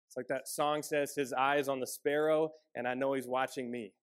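A man preaching a sermon as a pastor, earnest and measured, often dropping softer on key lines. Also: medium pitch, steady tone.

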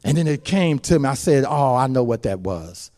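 A male pastor preaching a sermon, moving from quiet storytelling to loud shouted passages. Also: mid-range voice, very animated, normal speed.

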